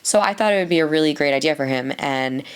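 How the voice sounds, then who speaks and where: This is a woman with a low voice co-hosting a podcast. She chats casually and laughs often. She tells stories and acts out the lines of the people in them. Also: quick pace, smooth. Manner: chatty storyteller, acts out quoted dialogue; giggly, frequent laughs. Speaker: podcast co-host. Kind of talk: casual chat.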